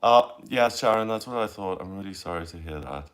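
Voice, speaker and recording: Low-voiced man, rambling and confessional. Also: animated, brisk. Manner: rambling, confessional, laughs at himself. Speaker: tarot reader livestreaming. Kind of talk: casual livestream chat reading comments.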